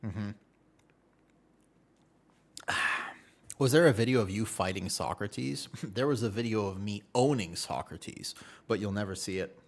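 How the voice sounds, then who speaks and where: A man in his twenties, a game streamer chatting casually and jokingly with his viewers in a rambling way. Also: on the low side. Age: 20s. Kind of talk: casual live-stream chat.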